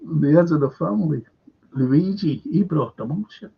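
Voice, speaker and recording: A man's voice: fairly high pitch, lively intonation, normal speed, gravelly, breathy edge, lo-fi sound. An older man from Liverpool with a Liverpool accent, rambling through anecdotes and swearing freely while hosting a livestream. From Liverpool, England. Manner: swears freely, tells stories with frequent fillers. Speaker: host.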